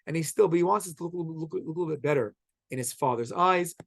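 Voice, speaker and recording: A man teaching a Torah class, telling the story with animated acted-out quotes. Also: a little high, gravelly, no echo. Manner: animated, quotes characters in quick acted voices.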